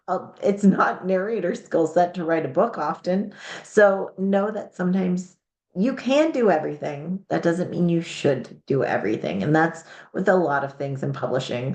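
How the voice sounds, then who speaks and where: A woman's voice: fairly low pitch, darkish tone, roomy sound. A woman hosting a live advice show, talking frankly and upbeat, thinking aloud and restarting her sentences as she goes. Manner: frank, upbeat, talks through ideas with restarts. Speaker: host giving publishing advice.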